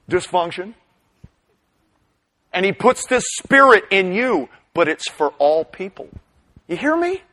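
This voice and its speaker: A middle-aged man preaching a sermon, animated, swinging between loud bursts and hushed asides. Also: on the high side, slightly rough, low-quality recording. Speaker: pastor.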